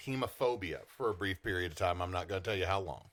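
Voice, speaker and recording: A man runs a tabletop horror game as its game master, his voice sitting on the low side. He describes eerie scenes and explains the rules casually, with plenty of fillers. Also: fast, fairly bright tone.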